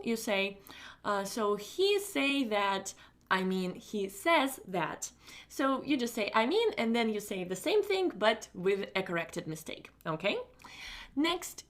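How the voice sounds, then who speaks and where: A woman with a fairly high voice teaches an online exam-prep lesson, speaking to her students in English that is not her first language. She is emphatic and encouraging, repeats key points, and her pitch jumps up on the words she wants to stress. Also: a bit bright. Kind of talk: recorded lesson, explaining to students.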